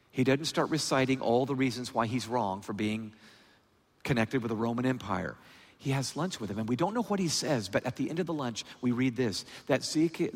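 A man giving a sermon as a guest preacher, in a lively, animated preaching style with a husky voice. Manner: lively, animated preaching with big pitch swings. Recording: reverberant hall sound.

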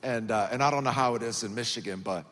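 A man's voice: medium pitch, fast, fairly bright tone. Southern man preaching in a big echoing church. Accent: Southern US (Georgia). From Georgia, USA. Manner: folksy, joking, conversational. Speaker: guest pastor. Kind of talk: sermon. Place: large church auditorium. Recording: church hall reverb.

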